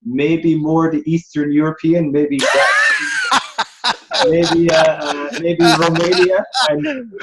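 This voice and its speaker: A man with an Irish accent, a guest in casual chat, playful and halting with many fillers. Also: on the high side, wildly swooping pitch, raised voice, very noisy. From Ireland.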